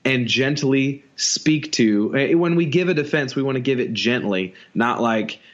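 A man's voice: mid-range voice, animated, measured pace. Earnest man on a lo-fi podcast. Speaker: podcast co-host. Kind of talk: casual podcast chat.

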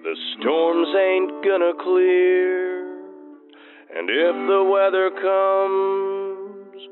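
A lovesick weatherman croons slowly and earnestly over a strummed guitar. The sound is thin and tinny like a phone voicemail, and his voice sits a little on the high side, drawn out with care. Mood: crooning.

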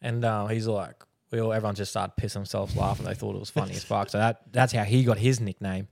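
A man's voice: on the low side, steady tone, quick pace, gravelly, darkish tone. A man with an Australian accent hosting a podcast in laddish, crude banter. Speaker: podcast host. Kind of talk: casual chat.

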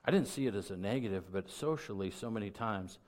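A middle-aged man preaching a sermon as pastor, talking conversationally and building to loud, emphatic peaks. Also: fairly low pitch, expressive, fairly quick.

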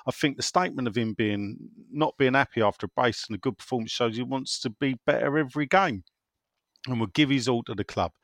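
Bloke doing a cockney essex lad voice, reading out a fan email, dry close sound. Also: male voice, mid-range voice, fairly quick, a bit bright, no room sound, natural voice. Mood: chirpy. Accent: Cockney Essex, put on. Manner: reads a listener's email aloud in a put-on voice.

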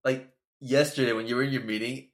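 A man's voice: mid-range voice, fairly even intonation, a little fast. A young man guesting on a podcast, chatting casually, teasing and laughing often. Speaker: guest, roommate. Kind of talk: casual chat.

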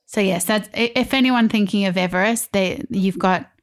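A woman's voice: mid-range voice, normal speed, clean tone. Woman hosting a conversational interview. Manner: conversational, asking follow-up questions. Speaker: podcast host.

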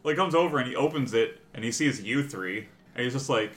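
A man's voice: mid-range voice, animated, a little fast, a bit bright. A man narrating as game master of a tabletop game, chatty and often laughing.

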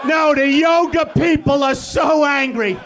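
A male comedian on a live stage, shouting an exasperated, profane rant. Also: very high-pitched, a little slow, some chatter behind. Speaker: comedian guest.

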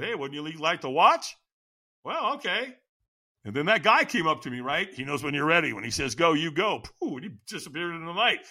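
A man who works as a firewalk instructor, telling excited stories in an interview and acting out quotes with lots of laughter. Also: on the high side. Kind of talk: animated storytelling.

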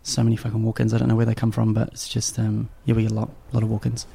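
A man's voice: on the low side, monotone, racing, gravelly, warm tone, breathy edge. A man chatting casually as a chef and restaurant owner, laid-back and swearing freely. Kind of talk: casual podcast chat.

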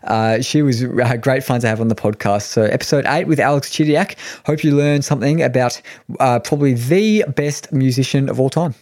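Jokey Australian podcast quiz host. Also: male voice, mid-range voice, fairly quick, a little mellow. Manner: jokey, rambling with many ums. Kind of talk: casual podcast chat.

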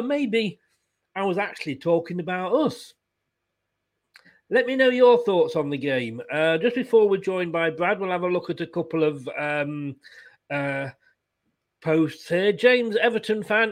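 A man's voice: fairly high pitch, expressive, normal speed. A man hosting a fan post-match review, blunt and frustrated, swearing about his team's loss. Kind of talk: casual chat.

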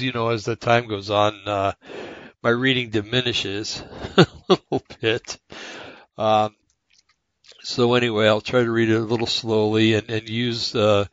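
Raspy older man, halting and slow. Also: fairly low pitch, a bit bright, dry recording, dull audio. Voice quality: raspy, haggard voice. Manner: slow, halting, many fillers and restarts. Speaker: radio show host. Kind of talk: casual talk and reading aloud.

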